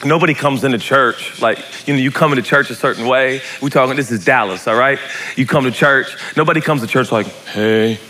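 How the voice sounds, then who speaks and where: A man preaching a lively sermon in a church, joking, shouting and acting out voices as he talks. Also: medium pitch, fast talker. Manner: animated, joking, shouts and acts out quotes. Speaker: pastor. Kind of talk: lively sermon to a live congregation. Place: church hall.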